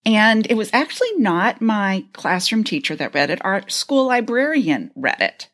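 A woman in her fifties co-hosting a podcast, reminiscing in a relaxed, reflective way. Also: mid-range voice, normal speed. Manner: reflective, relaxed recollection with fillers. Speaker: podcast co-host. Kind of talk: casual chat.

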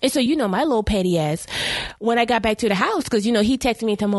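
A woman's voice: on the high side, fast talker, no echo. Woman podcast host telling a messy story, laughing a lot, dry close mic. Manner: animated, laughing, acts out quotes. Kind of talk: casual storytelling chat.

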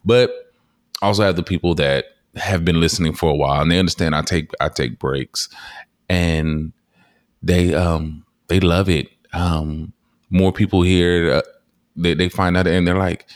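Man, podcast host, very low voice, animated storyteller, dry close sound. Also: moderate pace, no echo. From Texas. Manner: animated storyteller, acts out quotes in high voices. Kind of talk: casual interview chat.

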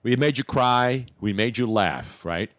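A man's voice: mid-range voice, expressive, a little slow, a bit bright, dry recording. A man hosting a sports talk radio show, joking brashly and crudely in casual banter.

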